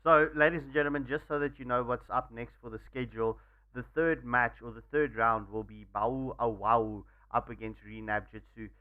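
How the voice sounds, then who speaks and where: A man co-commentating an esports match, calmly reading out the schedule and calling fights. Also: medium pitch, phone-quality sound. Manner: measured, announces schedule, rises in teamfights. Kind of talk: live game commentary.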